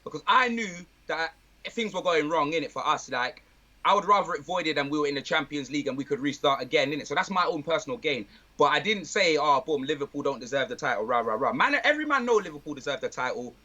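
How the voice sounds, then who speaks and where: A man chatting casually about football, full of street slang and lively banter. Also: on the high side, quick pace, dull audio. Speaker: guest, football fan. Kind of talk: casual chat.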